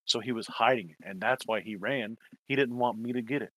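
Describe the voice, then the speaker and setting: A man's voice: mid-range voice, brisk, a bit bright, dry recording. A man telling a long story in casual chat, swearing and rambling, acting out quoted lines. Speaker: toy collector telling a story.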